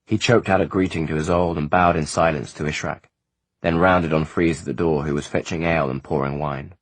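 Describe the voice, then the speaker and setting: Very deep husky male narrator. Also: fairly even intonation, brisk, no room sound. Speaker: audiobook narrator. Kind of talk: scripted audiobook narration.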